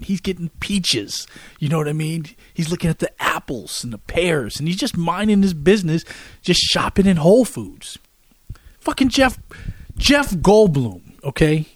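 A man's voice: sits high, no room sound, studio quality. A man hosting a solo podcast, telling a rambling story with lots of restarts and asides. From Washington, D.C. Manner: rambling, repeats himself, animated storyteller. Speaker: podcast host.

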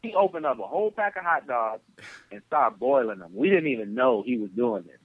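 Man from Flint, podcast guest, animated storyteller, dry tinny phone line. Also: mid-range voice, fairly quick, husky, no room sound. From Flint, Michigan. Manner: animated, acts out the people in his stories.

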